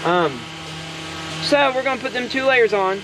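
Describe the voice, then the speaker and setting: DIY vlogger, chatty and rambling, animated voice, outdoor noise behind him. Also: male voice, very high-pitched, moderate pace. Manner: rambling and joking, given to side rants. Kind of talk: casual workshop chat. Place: outdoors at a backyard project.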